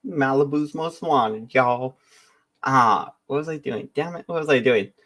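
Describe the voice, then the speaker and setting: A man's voice: mid-range voice, a little slow, bright, forceful tone. A man in the middle of his range, riffing casually as a stream host. He rambles, jokes and stops himself mid-thought while reacting to a clip. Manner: rambling, joking, self-interrupting. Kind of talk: casual commentary.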